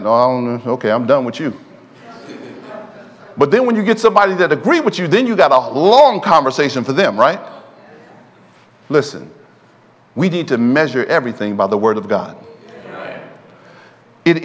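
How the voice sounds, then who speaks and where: A man preaching a sermon in a church, drawing call-and-response from the congregation. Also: a little high. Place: church sanctuary. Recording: long hall reverb in a church.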